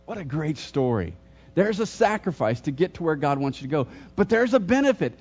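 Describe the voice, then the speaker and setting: A man's voice: on the high side, big pitch swings, brisk, darkish tone. A middle-aged man preaching a sermon as pastor, telling stories with humor and asking the congregation questions. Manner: storytelling, jokes and questions to the congregation. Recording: dull lo-fi sermon recording.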